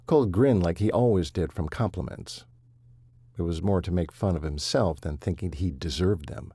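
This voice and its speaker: A man reads an audiobook in a measured, steady manner. His voice is low, mellow and husky. The recording is close and dry, with no room sound. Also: no echo. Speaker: audiobook narrator. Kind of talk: audiobook narration.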